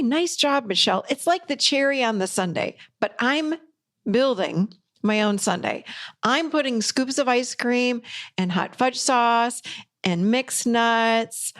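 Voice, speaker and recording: Upbeat encouraging woman coach. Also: on the high side. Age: middle-aged. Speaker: podcast host and life coach. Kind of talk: motivational solo talk.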